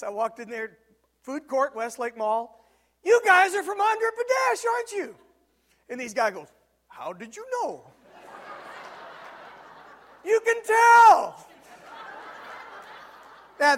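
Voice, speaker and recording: A male pastor preaching a sermon, telling stories with emphatic swings from loud peaks to quiet, low moments. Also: big-room sound. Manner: storytelling, emphatic, rises to loud peaks then drops low. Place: church sanctuary.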